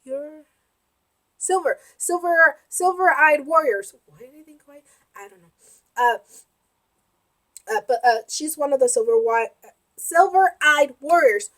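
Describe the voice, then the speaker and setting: A young woman with a very high voice hosts a reaction video. She is excitable and emotional, shouting and giggling between comments, but her speech is slow.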